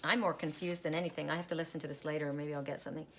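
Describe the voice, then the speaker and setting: A woman's voice: low voice, steady tone, racing, slight background noise. A middle-aged woman giving a solo oracle card reading, musing aloud and repeating card messages in rambling asides.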